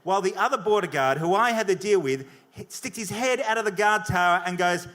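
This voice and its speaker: A man telling a profane, animated stand-up story at a comedy debate. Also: sits high, a little fast. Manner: animated, profane, punchy delivery. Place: comedy venue with audience.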